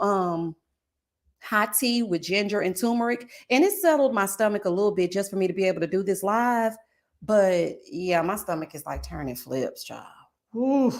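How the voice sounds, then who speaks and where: A woman in her forties hosting a live stream, chatting casually with her viewers and reading their comments aloud, sassy and animated, laughing often. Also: mid-range voice. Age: 40s. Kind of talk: casual chat.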